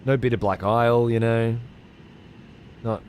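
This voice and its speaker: A man's voice: medium pitch, fairly even intonation, a little slow, darkish tone, slight background noise. A man, chatting casually on a live stream as he reads out viewer messages, laid-back and swearing freely. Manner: laid-back, swears freely, uses slang like mate and cunt. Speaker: streamer reading chat.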